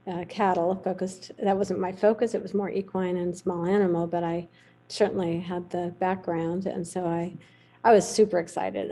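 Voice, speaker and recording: A middle-aged woman, a veterinarian, telling a lively anecdote in a podcast interview. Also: mid-range voice, poor audio. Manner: lively anecdotal storytelling, acts out quoted voices. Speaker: veterinarian guest.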